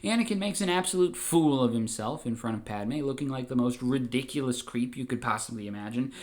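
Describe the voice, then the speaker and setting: A man narrating a comedic audio story in a brisk, deadpan way. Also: mid-range voice.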